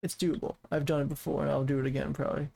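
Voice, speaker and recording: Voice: mid-range voice, level tone, very fast, vocal fry, dark tone, low-quality recording. A streamer casually chatting and rambling while building in a game, often counting blocks aloud.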